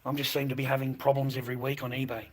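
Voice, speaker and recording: A man's voice: medium pitch, level tone, racing, noisy background. Coarse, swearing man. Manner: aggressive, crude, swearing and taunting. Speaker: livestreamer. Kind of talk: profane livestream rant.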